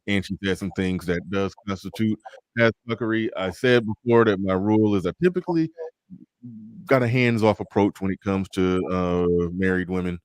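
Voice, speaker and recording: A man with a low, easygoing voice hosts a casual livestream and reads viewer messages aloud between his own remarks. He talks in a relaxed, loose way. The sound is dry and close to the mic. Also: moderate pace, no room sound. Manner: relaxed, reads out super chats. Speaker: livestream host.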